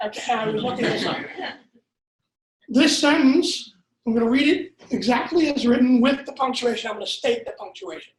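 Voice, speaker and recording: A man with a high, light voice lectures a live audience on copywriting. He keeps cracking jokes, drifts into asides and tosses out rhetorical questions. The sound is roomy and echoey, as in a seminar room. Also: a little fast. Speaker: copywriting workshop instructor.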